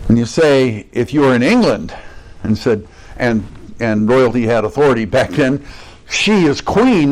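A man gives a sermon in a loose, conversational manner, often turning to his listeners with questions. He slows down and leans on the verses he quotes to give them weight. His voice sits at an ordinary middle pitch for a man. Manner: stresses quoted words, slowing down on them. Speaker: pastor.

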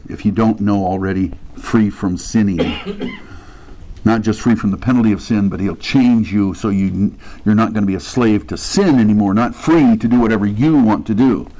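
A man preaching in an easygoing, conversational way, walking through scripture verse by verse. He keeps jumping into the voices of the people in the story. His voice sits in a plain middle pitch. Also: dark tone, low-quality recording. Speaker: pastor. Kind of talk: sermon.

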